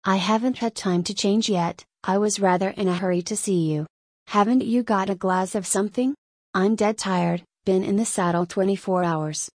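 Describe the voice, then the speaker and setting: A woman's voice: medium pitch, normal speed, no room sound, clean studio sound, lightly acted. Woman reading as a breezy young cavalry officer. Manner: offhand, teasing.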